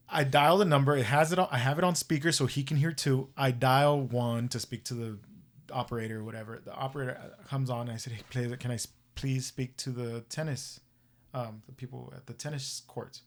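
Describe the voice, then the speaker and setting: A man hosting a podcast, telling a story in a casual, profane, animated way and acting out the voices he quotes. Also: medium pitch, fairly quick. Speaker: podcast host.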